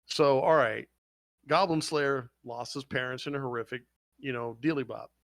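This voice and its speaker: A man hosting a laid-back podcast, pitched at an everyday middle, who tells stories with excitable energy and plenty of swearing. His voice is recorded close and dry, with no room sound around it. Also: normal speed, gravelly, dry recording. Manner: excitable, profane storytelling. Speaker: podcast host. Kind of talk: casual podcast chat.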